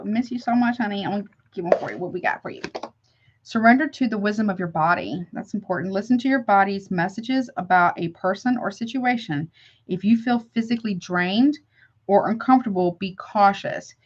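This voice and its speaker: A woman's voice: medium pitch, darkish tone, muffled recording. A woman doing a live tarot reading for her chat viewers, chatty and affectionate, calling them honey between card draws. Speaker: tarot reader.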